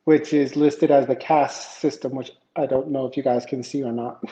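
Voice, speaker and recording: Hosting a tech livestream, a man reads news stories in a rambling, chatty manner, greeting chat and filling gaps with fillers. His voice is mid-range and warm, moderately paced, with fairly even intonation. The echoey room and home iPad-camera-and-PC setup make for a dull, lo-fi recording.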